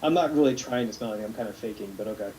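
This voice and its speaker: A man's voice: on the low side, very fast, background noise. A man playing in a tabletop game, talking in a rambling way with many restarts. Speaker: player. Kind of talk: casual tabletop role-play.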